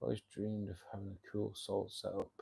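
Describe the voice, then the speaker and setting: This fishkeeping club livestream host, a man in his fifties from Manchester, speaks Mancunian English in a creaky, slightly rough voice that's on the low side and dark in tone. His delivery is completely flat at normal speed, though he's chatty and keeps calling viewers "mate".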